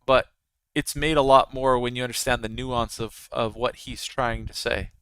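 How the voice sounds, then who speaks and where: A man's voice: medium pitch, fairly even intonation, normal speed, a bit bright, clear, resonant tone, no echo, low-quality recording. A man giving casual, rambling live commentary while trading futures, talking straight to his viewers. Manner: rambling, conversational, frequent restarts. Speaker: futures trader streaming live.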